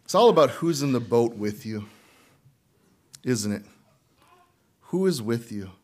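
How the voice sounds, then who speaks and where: A man preaching a sermon in an easy, conversational way, speaking at a middle pitch. He keeps turning to the congregation with questions. At moments he jumps up high to act out frightened figures from the story. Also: animated, a little slow. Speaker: pastor.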